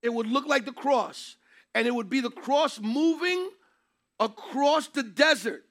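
A man's voice: very high-pitched, animated, a little slow, a bit bright. A man teaching a Bible class, speaking emphatically and taking questions from his students.

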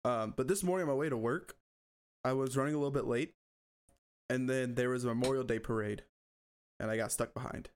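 A man spins a story in a loose, conversational way, laughing as he goes. His voice sits at an ordinary middle pitch, relaxed and unpolished, like a friend recounting his morning. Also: fairly quick, long pauses, clear, resonant tone. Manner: animated storytelling, laughs often. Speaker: podcast co-host. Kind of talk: casual chat.

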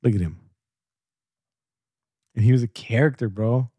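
A man in casual chat, talking in a profane, slangy, excitable way. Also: mid-range voice, moderate pace, breathy edge, dry recording.

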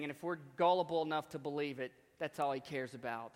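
A man telling stories from the pulpit in a repetitive, emphatic, conversational way. His voice sits a little high. A long hall reverb hangs behind his words. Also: fast. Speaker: preacher. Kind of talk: storytelling sermon.

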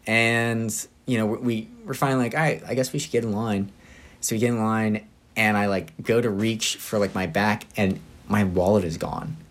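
A man's voice: on the low side, steady tone, normal speed. A young man co-hosting a podcast, telling a story in a rambling, laughing way with many fillers. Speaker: podcast co-host. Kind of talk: casual chat.

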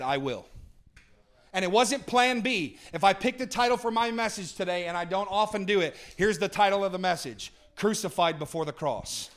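High-voiced man preaching with sudden swings. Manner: dynamic, swings from booming to hushed; talks with the congregation, asks for responses. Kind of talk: sermon.

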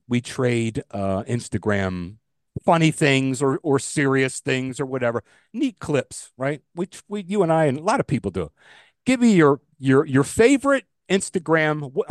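A man's voice: mid-range voice, expressive, unhurried, no echo, clean studio sound. An older man, co-hosting a podcast in casual, rambling, emphatic chat. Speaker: podcast co-host.

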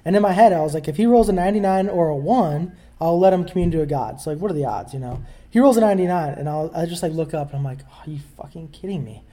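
A man in casual conversation, telling a story quickly with relaxed, muttered asides. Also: a little high. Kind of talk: casual conversation about tabletop games.

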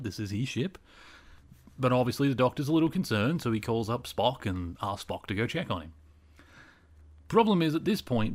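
A man hosting a podcast, recapping an episode in a chatty way with lots of fillers. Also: mid-range voice. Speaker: podcast host.

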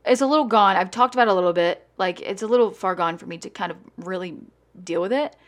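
A woman's voice: medium pitch, quick pace. A woman hosting a casual chat, talking bluntly and with emphasis, swearing freely. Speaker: salon owner and host.

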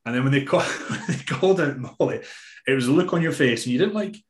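A Scottish man chats casually as a bodybuilding coach, sprinkling his stories with swearing and fillers. His voice sits at an ordinary pitch. The recording has a noticeably roomy echo. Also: fast. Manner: swears freely, relaxed storytelling with many fillers. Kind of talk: casual podcast chat.

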